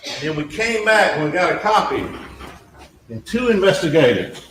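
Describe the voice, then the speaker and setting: In an echoey courtroom with faint background noise, a male trial attorney delivers his closing argument to the jury. His voice sits on the high side and is a bit bright, with big swings in pitch at a moderate pace. He addresses the jurors directly, hammers his points home through emphatic repetition, and acts out exchanges with witnesses.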